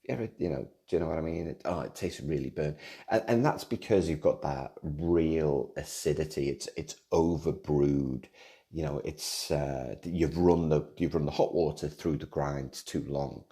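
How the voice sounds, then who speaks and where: Very deep-voiced, mellow rambling man. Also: moderate pace. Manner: rambling, restarts and repeats words, self-deprecating humor. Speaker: podcast host. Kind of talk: casual solo podcast monologue.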